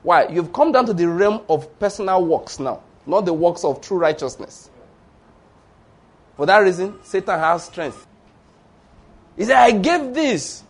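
A high-voiced preacher with a husky edge, swinging his pitch up and down as he presses his points home. He drives the sermon hard, tacking an "oh" onto his warnings and slipping into playful little stories. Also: expressive, a little slow. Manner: emphatic, exhorting with tag words like "oh".

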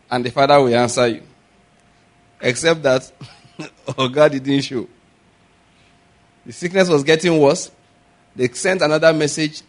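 A medium-pitched male pastor delivers a sermon in which he quizzes the congregation, has them repeat his words, and builds up to loud, emphatic preaching.

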